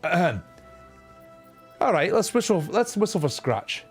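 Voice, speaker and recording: Man streaming a game, lively and swearing, does silly voices, game music low underneath. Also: a little slow. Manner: animated, profane, slips into mock voices. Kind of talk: casual gaming commentary.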